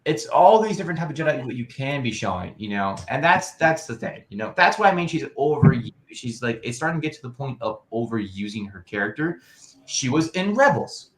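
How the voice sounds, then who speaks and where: A man's voice: medium pitch, sing-song, brisk. Rambling man in an echoey room. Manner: rambling, lots of "you know". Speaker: podcast co-host. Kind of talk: casual chat.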